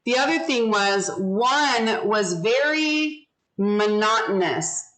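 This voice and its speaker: A woman teaching a class over a video call, slow and deliberate as she explains and models pronunciation. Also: fairly high pitch, lively intonation, a bit bright, rough recording. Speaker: English teacher.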